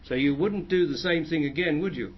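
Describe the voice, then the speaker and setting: A man's voice: a little high, brisk, slight background noise. A man who is a spiritual teacher, answering audience questions in a plain, explanatory way and often restarting his phrases. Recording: dull lo-fi recording.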